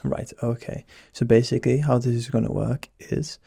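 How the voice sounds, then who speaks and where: Soft-spoken young man, whispered role-play. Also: medium pitch, steady tone, normal speed, creaky, breathy edge, no room sound, clean studio sound.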